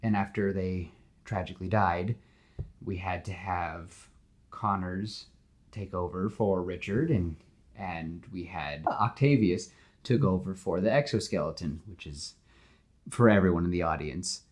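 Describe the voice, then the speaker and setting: A man on a podcast, casually narrating his own movie pitch scene by scene and acting out the lines. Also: measured pace. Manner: casual, lots of fillers, acts out scenes. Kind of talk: animated storytelling.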